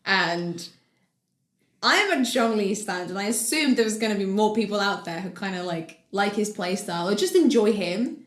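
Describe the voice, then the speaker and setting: A young woman co-hosting a podcast, rambling excitedly in casual chat. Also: medium pitch, moderate pace. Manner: excitable, rambling fan talk. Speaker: podcast co-host. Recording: echoey room.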